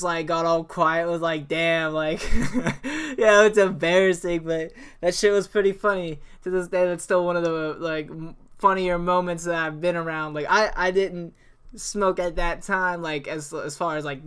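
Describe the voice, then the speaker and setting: A man's voice: fairly high pitch, a bit bright, clean tone. A young man hosting a gaming channel, telling a story over gameplay in a laid-back way, swearing freely and rambling with restarts.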